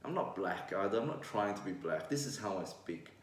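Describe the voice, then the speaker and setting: A man's voice: sits low, lively intonation, brisk, distant mic. A young man in his twenties from Vietnam, with a mixed Vietnamese-Australian accent, talking bluntly and candidly to camera, swearing freely. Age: 20s. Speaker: vlogger. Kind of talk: casual monologue to camera. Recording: roomy echo, voice away from mic.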